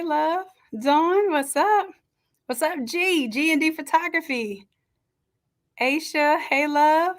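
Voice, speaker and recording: A woman hosting a live stream from a home setup, chatting and greeting each viewer warmly by name. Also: high voice. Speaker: livestream host and design coach. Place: home setup with makeshift camera stand. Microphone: camera on a stand.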